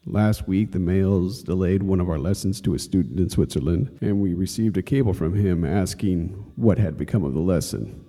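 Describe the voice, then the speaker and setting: Earnest man with a dark low voice. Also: in a large hall. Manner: earnest, exhorting, addresses listener as friend. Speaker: course instructor. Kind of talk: read-aloud inspirational lesson.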